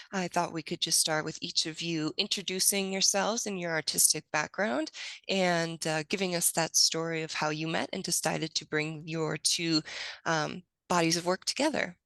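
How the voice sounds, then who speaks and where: A woman hosting an artist talk, reading a measured introduction and asking questions. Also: lowish voice, steady tone, a bit bright, no echo, low-quality recording. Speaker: gallery host interviewer. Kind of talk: scripted introduction then interview questions.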